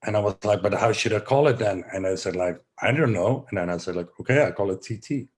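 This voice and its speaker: A man from the Netherlands leading a guided breathing session, giving slow, soothing instructions with some relaxed, rambling asides. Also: lowish voice, slightly rough. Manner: relaxed, rambling, self-joking.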